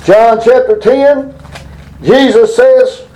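A man's voice: very high voice, fairly even intonation, slow pace, mellow, low-quality recording. A man giving a folksy, emphatic Bible lesson, reading scripture aloud and explaining it in plain talk. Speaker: preacher. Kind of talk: informal Bible teaching.

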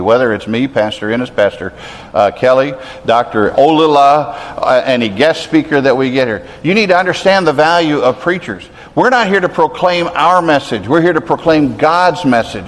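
Pastor, male, mid-pitched, preaching earnestly in a church with long reverb. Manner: earnest, conversational preaching with rising emphasis. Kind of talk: sermon.

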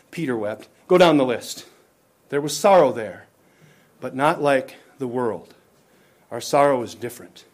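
Impassioned preacher with a high voice. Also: male voice. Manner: impassioned, rising and dropping to near-whispered lows; calls out questions to the congregation. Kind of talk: sermon.

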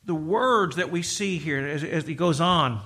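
Middle-aged preacher guy, high bright voice, gets loud then drops real quiet. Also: measured pace. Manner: emphatic, swings from loud exhortation to quiet, repetitive restarts. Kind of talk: sermon.

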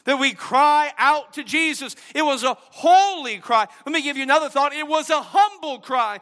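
A man preaching a sermon as pastor, his delivery swinging between loud, high exhortation and soft, low emphasis. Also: moderate pace, few pauses, in a large hall.

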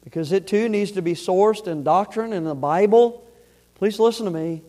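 A man with a notably high voice delivers a sermon from the pulpit of a church. His talk is folksy and plain-spoken, and it swells into loud, emphatic exhortation. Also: normal speed. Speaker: pastor. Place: church sanctuary.

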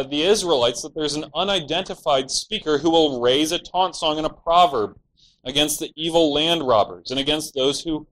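A man's voice: on the high side, fairly bright tone, rough recording. A man preaching an expository sermon, explaining scripture earnestly and at times voicing the villains' laments in a mocking tone.

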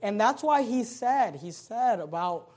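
Male pastor mid-sermon: folksy and conversational, punches key lines loudly and drops low for asides. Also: measured pace. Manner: animated, swings between loud emphasis and quiet asides; reads scripture aloud in King James wording.

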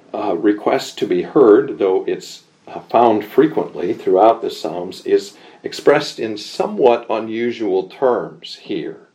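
A man teaching a Bible lesson in a measured, deliberate way, pausing often with small fillers and leaning into the verses he quotes. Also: on the low side, mellow. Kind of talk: slow expository Bible lesson.

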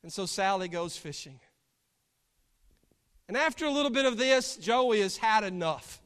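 A man's voice: sits high, expressive, normal speed, a bit bright, clear, resonant tone. A man preaching a sermon, telling a story and then building to fervent emphasis as pastor. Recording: long hall reverb.

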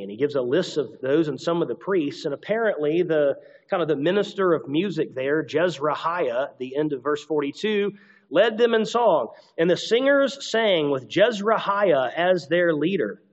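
A man's voice: a little high, lively intonation, normal speed, muffled recording. A man preaching an expository sermon, reading scripture aloud and adding conversational asides. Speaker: pastor.

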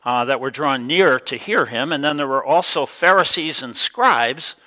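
A middle-aged man preaching a sermon in a relaxed, conversational way, with many ums and uhs. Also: mid-range voice, moderate pace, rough recording. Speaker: pastor.

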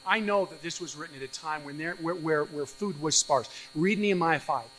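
A male pastor preaching an expository sermon, animated, acting out the voices of doubters with sudden jumps in pitch and loudness. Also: brisk, soft background music, rough recording.

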